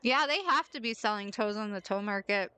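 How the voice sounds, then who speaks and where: A woman's voice: mid-range voice, a little fast, sharp tone, clear, resonant tone, rough recording. A young woman streaming a game, chatting playfully with her viewers and giggling at her own jokes. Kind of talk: casual chat while gaming.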